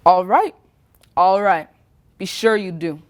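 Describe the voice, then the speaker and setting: A woman voicing a loud, bullying male small-town official who barks and mocks in an interrogation. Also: sits high, animated, slow. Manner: barking, mocking interrogation.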